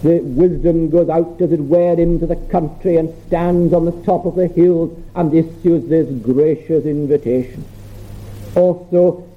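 Man, preacher, sermon, unhurried delivery, earnest repeated emphasis, narrow phone-like sound. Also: fairly high pitch, steady tone. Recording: tinny phone-like sermon recording.

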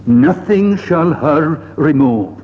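A man preaching a sermon in a slow, measured way, pausing often and quoting old scripture phrasing, recorded in a church. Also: fairly high pitch, expressive, slight background noise. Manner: slow, measured delivery with frequent "uh" pauses and archaic scripture phrasing. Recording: dull lo-fi recording in a reverberant hall.

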